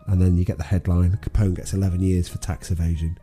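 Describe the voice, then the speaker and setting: A man's voice: low voice, fairly even intonation, fast talker, dark tone, slightly rough, soft background music. A man co-hosting a podcast, casually retelling a film plot with many ums and restarts. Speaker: podcast co-host. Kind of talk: casual film recap chat.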